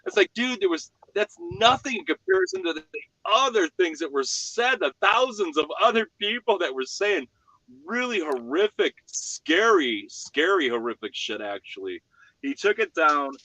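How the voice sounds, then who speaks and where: A man's voice: sits high, big pitch swings, normal speed, pushed and bright, no room sound, rough recording. A man on a livestream panel telling stories animatedly, laughing and swearing. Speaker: panel member on a livestream chat show. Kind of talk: casual chat.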